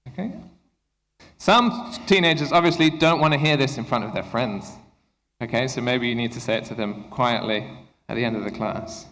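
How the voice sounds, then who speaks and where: A man giving a conference workshop to English teachers, talking to the room in an engaging way and often checking in with a quick "okay?". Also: medium pitch, a bit bright. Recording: echoey hall reverb.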